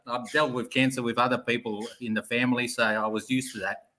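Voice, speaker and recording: A man's voice: mid-range voice, level tone, fairly quick, bright, forceful tone. A middle-aged man with an Australian accent, a guest on a live show, talking bluntly and matter-of-factly. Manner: blunt, matter-of-fact, says "mate". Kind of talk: casual chat.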